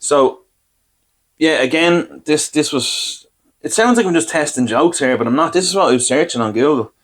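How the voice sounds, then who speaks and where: A man's voice: on the high side, animated, moderate pace, a bit bright. Rambling Irish man telling comic stories. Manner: rambling, self-deprecating anecdotes with acted-out quotes. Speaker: podcast host. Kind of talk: comic storytelling.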